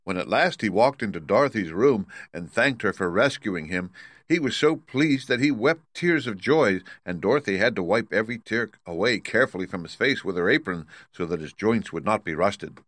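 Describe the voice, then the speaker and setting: A man narrating a children's storybook in a steady, even reading. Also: lowish voice, moderate pace, no echo.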